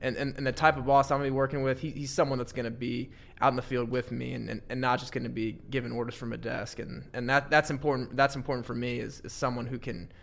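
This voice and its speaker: A man's voice: mid-range voice, little pitch movement, fast, vocal fry, hardly any pauses, a little hiss or hum. A man talking as a podcast guest, earnest and upbeat, often repeating words as he goes. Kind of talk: casual chat.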